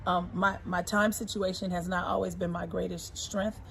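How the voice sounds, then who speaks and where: A woman in her forties, talking casually and warmly about her husband, emphatic and repeating her points. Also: on the low side, little pitch movement, normal speed, vocal fry, a little hiss or hum. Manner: emphatic and repetitive, often repeating phrases. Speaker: co-host, singer. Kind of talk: casual heartfelt talk.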